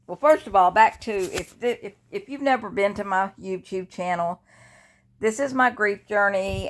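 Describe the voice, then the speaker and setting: An older woman talking casually from her bed in a personal vlog, rambling and chatty with many restarts, into a phone held at arm's length. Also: medium pitch. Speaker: grief vlogger. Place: indoors, lying in her bed.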